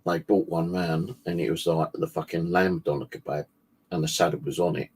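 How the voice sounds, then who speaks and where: Deep husky man, rambling chat. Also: fairly even intonation, normal speed, darkish tone. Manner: rambling, swears freely, loose and chatty. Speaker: paranormal channel host. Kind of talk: casual livestream chat.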